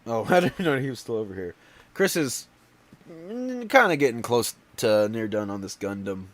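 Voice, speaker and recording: A man's voice: medium pitch, sing-song, normal speed. A man hosting a casual home livestream, stuffy and out of breath, talking in a tired, rambling way full of fillers and restarts. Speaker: livestream host.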